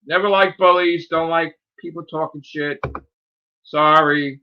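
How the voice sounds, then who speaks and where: Speaking at a measured pace with long pauses, this forty-something podcast co-host has a slightly high voice and dull-sounding audio. His casual stories run hot, profane, and animated.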